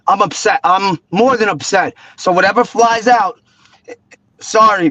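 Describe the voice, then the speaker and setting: A man's voice: high voice, a bit bright, a little hiss or hum, poor audio. A man with a New York accent calling in to a sports podcast, ranting with profanity and sarcasm. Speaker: caller. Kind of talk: angry call-in rant.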